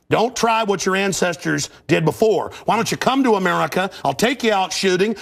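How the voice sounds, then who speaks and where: A man from Texas ranting as a talk host, loud and combative, firing off questions and talking over others. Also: high voice, creaky. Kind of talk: heated debate and ranting monologue.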